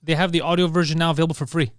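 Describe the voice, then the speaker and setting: A man hosting a podcast in casual chat, with rapid, laughing banter. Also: on the high side, fairly even intonation, clear, resonant tone, dry recording, clean studio sound. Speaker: podcast host.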